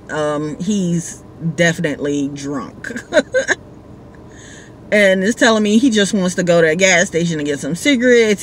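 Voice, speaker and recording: A woman's voice: mid-range voice, a bit bright, slight background noise. A woman who drives for a rideshare service, casually telling a story with amused laughs.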